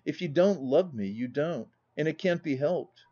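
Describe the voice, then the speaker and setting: Meek, sorrowful young wife, voiced by a male reader, storybook audiobook, soft and tremulous, mellow tone, muffled lo-fi sound. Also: fairly high pitch, expressive, normal speed. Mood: wistful.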